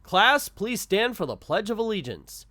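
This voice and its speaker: A man's voice: high-pitched, sing-song, a little slow, pushed and bright, no echo, pitched above the performer's own voice, heavily acted. A man voicing a stern male schoolteacher, stiff and commanding.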